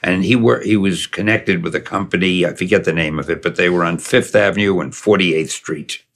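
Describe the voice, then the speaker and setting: Brisk and deep-voiced, with a creaky, fairly bright tone, an older storyteller reminisces about his past. He wanders through a long personal tale in a relaxed manner, chuckling as he talks.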